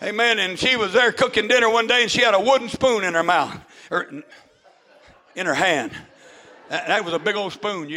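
An older man, a preacher, giving a fervent sermon testimony, peppered with amens and rising to shouts. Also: high voice.

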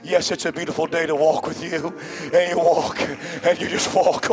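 A man pastor with a high, ringing voice preaches to his congregation in a rhythmic cadence, punctuating phrases with breathy "uh"s. His delivery climbs into shouted runs, over soft music in the church. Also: steady tone, slow pace. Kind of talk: sermon. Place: church sanctuary before a congregation.

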